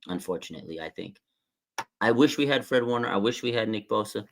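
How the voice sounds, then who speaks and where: A man hosting a live fan stream, talking casually and excitedly in a rambling way about his team's game. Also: fairly low pitch, a little fast, slight background noise. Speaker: sports fan stream host. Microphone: streaming desk mic.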